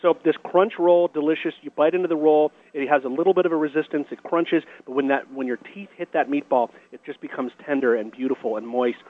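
A man's voice: medium pitch, steady tone, fast, hardly any pauses. A man hosting a live radio show from inside a restaurant, chatting eagerly and describing food in effusive detail. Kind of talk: live on-location radio chat. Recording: narrow phone-like radio broadcast.

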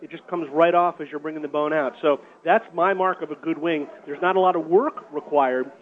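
A man's voice: a little high, steady tone, fairly quick. A man hosting a live radio food segment from a restaurant, jokey and effusive as he praises dishes and hypes prizes for listeners. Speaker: radio host. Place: restaurant, live remote broadcast. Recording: phone-like narrow band.

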